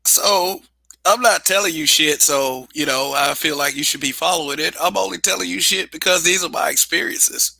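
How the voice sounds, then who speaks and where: A man's voice: on the high side, brisk, vocal fry, pushed and bright, dry recording. A man hosting a casual livestream monologue, blunt and profane, laughing often. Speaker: show host.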